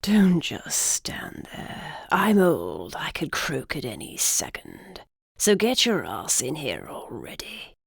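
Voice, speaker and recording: A woman voicing a cranky, blind old male griffin in human form, with a gruff, rasping English accent, in an audiobook. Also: sits low, huge pitch swings, slow, no room sound, clean studio sound, exaggerated voice. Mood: grumbling. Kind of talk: audiobook character voice.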